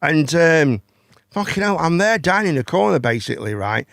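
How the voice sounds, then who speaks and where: A man's voice: on the high side, sing-song, normal speed, creaky, a bit bright, no room sound, clean studio sound. A man, hosting a casual chat and telling a long story, rambling, swearing and repeating words. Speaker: host.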